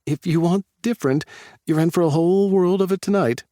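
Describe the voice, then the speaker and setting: A man's voice: high-pitched, fairly quick, warm tone, no room sound, studio quality, pitched above the performer's own voice, lightly acted. A man voicing a teasing adult man who makes wry quips. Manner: wry, quipping.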